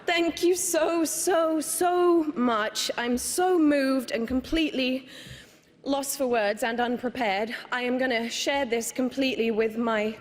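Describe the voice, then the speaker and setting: British woman in her 30s, bit high, gushy and bubbly, chatting away. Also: takes it slowly, in a large hall, soft background music. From Britain. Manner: gushing, animated, laughing. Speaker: interview guest. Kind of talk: casual chat and speech.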